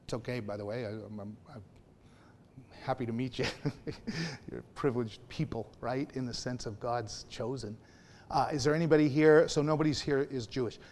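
A man's voice: medium pitch, normal speed, darkish tone, a little hiss or hum. Man, minister, conversational sermon, mid-range voice, asks the congregation questions. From Anglican family background.

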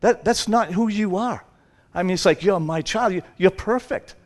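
A man's voice: sits high, moderate pace, voice pushed up, close to an everyday voice. A man voicing God as a loving father who insists his child is perfect, acted out within a sermon. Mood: reassuring. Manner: protective, insistent.

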